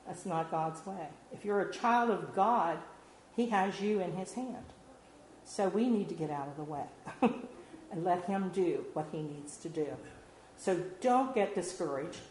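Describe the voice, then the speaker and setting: A woman's voice: fairly low pitch, lively intonation, measured pace, long pauses, a little mellow. A woman giving an informal devotional sermon in a conversational, earnest way, with frequent fillers. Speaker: lay speaker giving a devotional. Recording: roomy hall with faint background noise.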